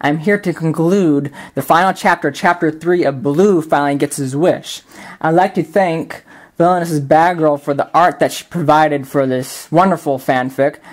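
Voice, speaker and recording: A man reading his fan fiction aloud, halting and stumbling over words. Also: a little high. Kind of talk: amateur story reading. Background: background film-score music.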